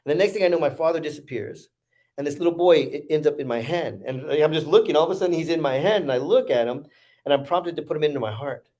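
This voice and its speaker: Male guest, slightly higher voice, earnest storyteller who repeats himself. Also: fast talker, warm tone. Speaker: podcast guest. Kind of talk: emotional storytelling.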